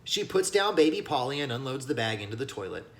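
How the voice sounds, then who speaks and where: A man teaching as he reads a children's novel aloud, with lively asides that speak to young listeners. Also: mid-range voice, quick pace. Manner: animated, addresses listeners as kiddos. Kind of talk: read-aloud storybook narration with lesson asides.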